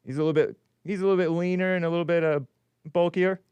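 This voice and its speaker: A man's voice: high-pitched, fairly even intonation, quick pace, darkish tone, smooth, no echo. A man hosting a call-in show, reading news aloud with sarcastic, rambling asides and chuckles. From California. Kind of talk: casual live-stream commentary.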